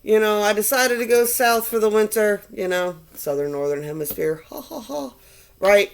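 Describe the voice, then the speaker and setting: A woman's voice: mid-range voice, moderate pace, vocal fry, voice pushed up, lightly acted. A woman voicing a playful, sassy earth goddess who talks in a breezy, chatty way.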